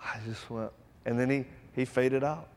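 A man preaching a sermon to a live audience, telling stories with acted-out voices and loud bursts, then leading an altar call. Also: mid-range voice, steady tone, moderate pace, big-room sound.

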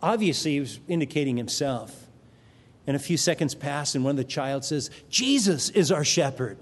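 A man preaching a sermon as pastor, emphatic, with dramatic pauses, recorded in a church sanctuary. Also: medium pitch. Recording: long reverb of a large hall.

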